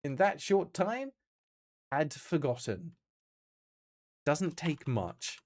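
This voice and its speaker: A man's voice: a little high, sing-song, takes it slowly, darkish tone. An Australian man streaming games, chatting casually and answering his chat as he plays.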